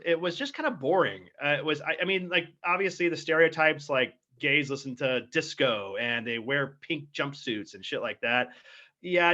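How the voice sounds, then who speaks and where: Guy rambling on a podcast, lots of likes and you knows, kinda sharp bright voice, muffled lo-fi sound. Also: a little high. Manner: rambling, filler-heavy, laughs often. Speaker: podcast co-host. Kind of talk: casual chat. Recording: dull lo-fi podcast audio.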